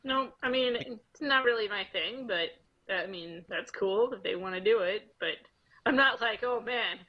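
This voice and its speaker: A woman's voice: mid-range voice, moderate pace, lo-fi sound. A woman co-hosting a casual podcast, wry and sarcastic, often laughing.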